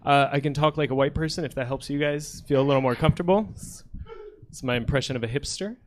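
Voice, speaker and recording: A man's voice: on the high side, fast, a little hiss or hum. A man in his thirties from Ukraine doing a stand-up set on a comedy theater stage, joking with apologetic, self-deprecating asides. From Soviet Union, Ukraine.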